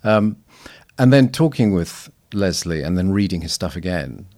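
Man, low voice, podcast guest, thoughtful and anecdotal, restarts often. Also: animated, normal speed, darkish tone. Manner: reflective, anecdotal, frequent restarts. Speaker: guest missiologist. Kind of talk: casual podcast conversation.

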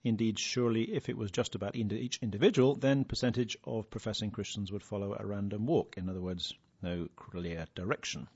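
A man hosting a casual podcast, relaxed and chuckling, reading out listener questions. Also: fairly low pitch, brisk, hardly any pauses, breathy edge, dry recording. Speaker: podcast host. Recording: dull lo-fi sound.

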